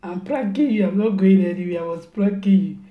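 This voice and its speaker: A woman's voice: medium pitch, a little fast, narrow, tinny audio. Mock-stern mother scolding in an echoey room. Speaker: mother and vlogger. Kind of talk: casual family prank talk. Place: home.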